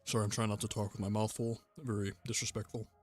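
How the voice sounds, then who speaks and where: A young man streaming a game, chatting casually in a rambling, relaxed way and laughing often between thoughts. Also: lowish voice, fast, soft background music. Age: young adult. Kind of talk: casual gaming livestream chat.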